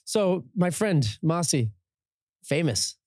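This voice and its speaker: A man's voice: a little high, animated, takes it slowly, darkish tone, no echo. A man appearing as a guest on a studio podcast who tells stories in a jokey, upbeat way.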